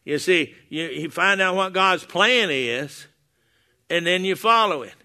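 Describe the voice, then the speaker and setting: An older man preaching to his congregation in a folksy, storytelling way, stumbling and restarting as he goes. His voice is very bright and somewhat high for a man. He wears a clip-on mic in a church hall. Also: unhurried. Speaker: pastor. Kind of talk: sermon. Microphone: wearing a lapel mic.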